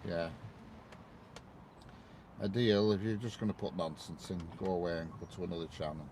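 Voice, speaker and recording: A man's voice: sits low, normal speed, a little mellow, a little hiss or hum. A man, rambling casually to viewers on a train-spotting live stream and greeting them by name.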